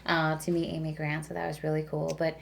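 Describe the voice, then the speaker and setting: With slight background noise behind her, a radio DJ guest tells casual stories in a low, monotone voice with vocal fry, talking a little fast. She's chatty, constantly dropping "like" and "you know."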